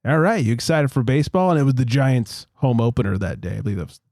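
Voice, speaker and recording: A man hosting a casual beer podcast, telling a story in an animated, profane way with frequent laughter. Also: medium pitch, fast, dry recording, studio quality. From Los Angeles. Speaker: podcast host.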